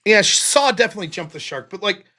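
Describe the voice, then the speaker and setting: A man's voice: high-pitched, very animated, quick pace, bright, forceful tone. A man hosting a late-night live stream, rambling casually with lots of fillers and swearing. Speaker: live-stream talk show host.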